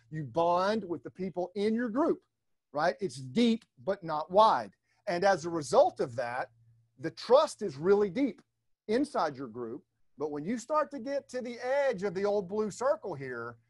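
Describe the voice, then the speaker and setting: A man's voice: sits high, no room sound, clean studio sound. A middle-aged man giving a leadership webinar, explaining ideas off slides in a conversational way and often checking in with "right?". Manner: conversational, keeps asking "right?". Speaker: webinar speaker.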